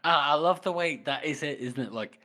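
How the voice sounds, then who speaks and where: A man co-hosting a book podcast in casual chat. He is excitable, swears freely and laughs often. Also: fairly high pitch, normal speed, crowd noise. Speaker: podcast co-host.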